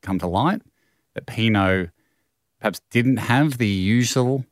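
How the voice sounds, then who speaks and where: Low-voiced man, deadpan rambling co-host. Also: unhurried, no room sound, studio quality. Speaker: podcast co-host. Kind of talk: casual comedic chat.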